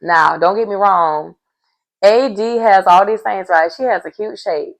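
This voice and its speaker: A woman's voice: medium pitch, a little slow, gravelly. A woman recapping a reality show in a casual, chatty way, with sassy asides aimed straight at her viewers.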